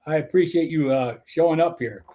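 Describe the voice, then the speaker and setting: A man's voice: fairly high pitch, fairly quick, mellow. An older man hosting a casual chat, a former umpire telling stories and laughing at his own punchlines. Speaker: host, former softball umpire.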